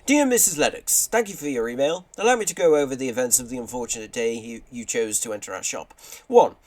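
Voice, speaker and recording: A man reading a letter in a high, prim voice as an exasperated shop manager. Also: animated, quick pace, a little mellow, natural voice. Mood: haughty. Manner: haughty, exasperated, high put-on voice.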